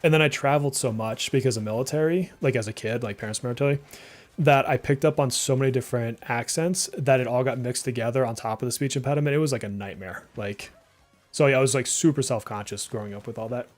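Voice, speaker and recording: Talking at a quick pace, a Massachusetts-accented man in his thirties chats loosely during a live game stream. His voice sits at an everyday mid pitch, he reacts out loud to the play, and game music hums softly in the background.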